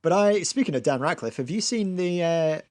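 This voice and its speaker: A man co-hosting a podcast in casual chat, chatty and quick to laugh, sometimes repeating words as he restarts a sentence. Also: a little high, expressive, a little mellow. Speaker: podcast co-host.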